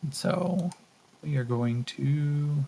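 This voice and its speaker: Husky man narrating a solo tabletop game. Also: on the high side, takes it slowly, low-quality recording. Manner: relaxed, thinking aloud with fillers. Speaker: game master.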